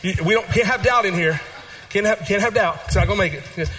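A man preaching a sermon as pastor, repeating phrases and moving between hushed and animated delivery. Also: high-pitched, a little fast.

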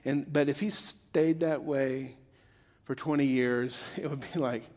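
A man's voice: mid-range voice, steady tone, a little slow, darkish tone, in a large hall. A middle-aged man preaching a sermon in a joking, conversational way that builds to emphatic peaks. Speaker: pastor.

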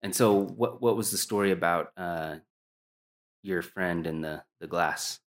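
A man's voice: deep voice, unhurried. A man interviewing a relative, prompting with short questions and backchannels.

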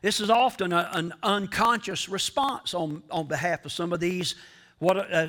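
A man preaching a sermon as pastor, slow and emphatic, repeating key phrases and speaking straight to the congregation. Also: high-pitched, bright, forceful tone. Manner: addresses the congregation directly.

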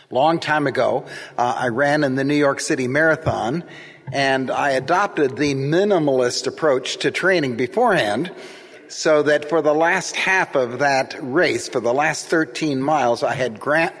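A man gives a sermon at an unhurried, deliberate pace. His voice is a little husky, and his words ring out with a long reverb through the church. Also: mid-range voice. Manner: slow, reflective, gentle delivery. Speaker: preacher.

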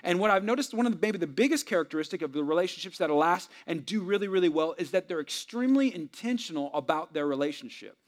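Guy pastor preaching, kinda high voice, chatty storytelling, keeps repeating stuff for emphasis. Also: fast talker, few pauses. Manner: conversational storytelling with frequent fillers; building emphasis with repetition. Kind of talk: sermon.

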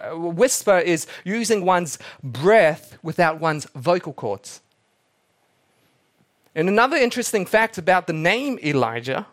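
Male pastor, slightly high voice, dramatic sermon delivery with hushed repetitions. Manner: dramatic, drops to near-whispers for emphasis, repeats key words.

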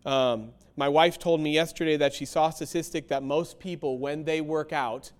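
A man's voice: a little high, fairly even intonation, moderate pace, clear, resonant tone. A man in his forties giving an earnest motivational talk to a crowd, with many fillers and restarts. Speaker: speaker.

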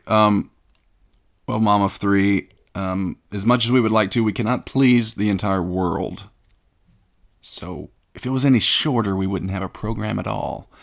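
A man's voice: fairly low pitch, creaky. A man hosting a comedic podcast, talking in a mock-pompous, self-important way. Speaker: host.

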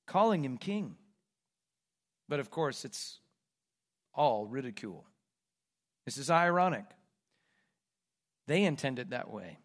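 A man's voice: on the high side, fairly bright tone. A man preaching a sermon on a Bible passage, dramatic and emphatic, full of rhetorical questions.

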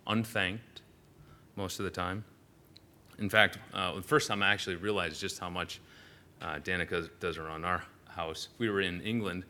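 A man's voice: sits low, bright, forceful tone. A male pastor giving a sermon in a church, telling stories animatedly with frequent "uh" fillers and restarts.

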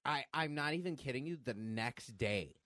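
Casting: man, casual podcaster, mid-pitch, dry close sound, loose swearing storyteller. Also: lively intonation, moderate pace, sharp tone, no echo. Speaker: podcast co-host. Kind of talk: casual chat.

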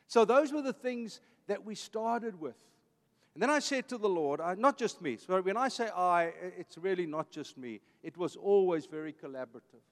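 A man's voice: high voice, animated, moderate pace, big-room sound. A man in his fifties from South Africa with an Afrikaans accent, a pastor talking emphatically to his church. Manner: emphatic, preacherly, with repeated phrases. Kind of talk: talk to a church audience.

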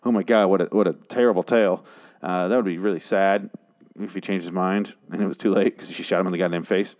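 A man hosting a show, recapping a TV episode in a casual, profane, exasperated monologue, with sarcastic asides and quick jokey voices for the characters. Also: low voice, steady tone, darkish tone. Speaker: podcast host reviewing a TV episode.

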